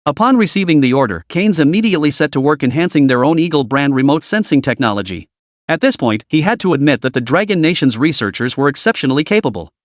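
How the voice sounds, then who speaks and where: Man narrating a story recap, higher voice. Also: animated, fast, dry recording, clean studio sound.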